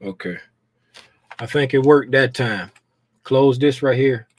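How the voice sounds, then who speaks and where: Guy hosting a trading stream, annoyed, muttering at his screen, aave, mid pitch. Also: slow pace. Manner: frustrated muttering to himself. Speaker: trading channel host. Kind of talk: casual live commentary while trading.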